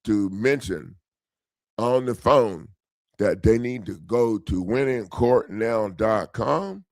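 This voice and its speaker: A middle-aged man, a legal self-help coach, telling a profane story in a lively, laughing way and acting out the people he quotes. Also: on the low side, slow pace, no echo. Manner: animated, profane, laughing, acts out quoted voices. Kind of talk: casual storytelling monologue.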